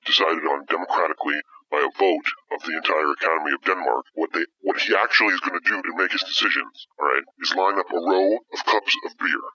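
A man cracking deadpan jokes with his co-host, rambling on in a mock-serious way. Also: sits low, fast, few pauses, a crowd in the background. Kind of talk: deadpan comedy banter. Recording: dull lo-fi sound.

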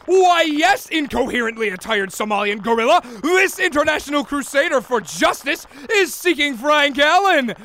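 An actor playing an excitable, bumbling sidekick who speaks in grand flowery phrases. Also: male voice, very high-pitched, moderate pace, hardly any pauses, heavily acted. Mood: grandiose.

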